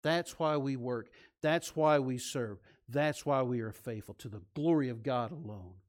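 A male pastor preaching a sermon, swinging from loud, emphatic lines to soft, hushed ones. He leads the congregation in call-and-response and drops in self-deprecating asides. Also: mid-range voice, unhurried, hardly any pauses.

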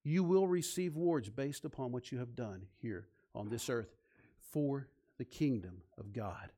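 A male pastor preaching a sermon, swinging from loud, emphatic lines to soft, hushed ones. He leads the congregation in call-and-response and drops in self-deprecating asides. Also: on the high side.

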